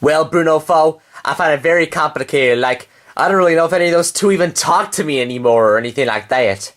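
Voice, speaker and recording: A man's voice: on the high side, quick pace, a bit bright, close to an everyday voice. A man voicing a swaggering, lovesick male bird puppet in a homemade puppet show.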